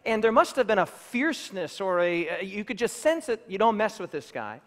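A man preaching a sermon in a church, emphatic and building to loud declarations. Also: high voice, very animated, normal speed, long reverb tail. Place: church sanctuary.

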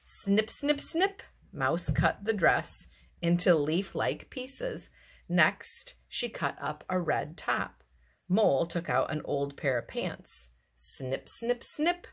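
A woman with a low voice reads a children's storybook aloud, unhurried and expressive. Her tone rises and falls a lot as she tells the story. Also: breathy edge. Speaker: narrator.

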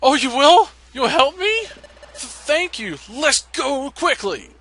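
Guy putting on a high fretful little creature buddy, game sidekick, all over the place. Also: sing-song, slow pace, pushed and bright, full character voice. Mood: relieved. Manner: pleading, fretful. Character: timid young male creature partner, earnest.

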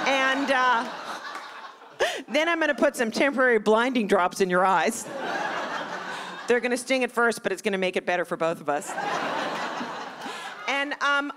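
A middle-aged woman with a fairly high voice does a self-deprecating stand-up set on a theater stage, punchy in delivery and acting out the voices of people in her stories. It's a live show, with a laughing audience and loud crowd noise throughout.

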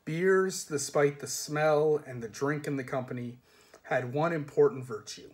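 A man reading a comic fantasy novel aloud in a measured, dry storytelling manner. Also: a little high. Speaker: reader.

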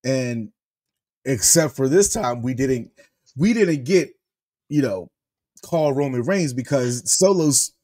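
A man co-hosting a wrestling review podcast, chatting in an animated way and laughing often. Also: mid-range voice, slow, pauses often. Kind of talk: casual podcast chat.

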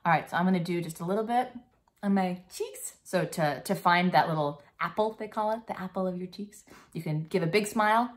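A woman's voice: on the low side, fairly quick. A young woman giving a casual, playful stage makeup lesson for kids, chatty with many fillers and silly sound effects. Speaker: makeup tutorial teacher.

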